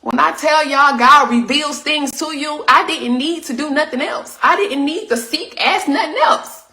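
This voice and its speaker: A woman's voice: high-pitched, moderate pace, sharp tone, roomy sound. A woman speaking in an emotional, preachy way, repeating herself for emphasis. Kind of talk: emotional testimony.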